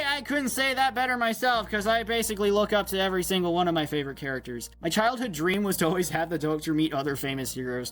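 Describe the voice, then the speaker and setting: Young guy rambling excitedly about his fave show, nerdy, faint music behind. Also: fairly high pitch. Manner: enthusiastic, nerdy, self-deprecating. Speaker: YouTuber. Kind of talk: casual rambling monologue.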